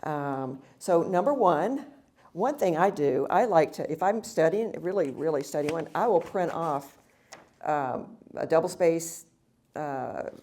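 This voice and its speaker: Low, gravelly woman teaching scripture. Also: lively intonation, unhurried, darkish tone. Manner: reads scripture aloud, then explains with many fillers and restarts. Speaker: Bible study teacher. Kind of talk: teaching a women's retreat session.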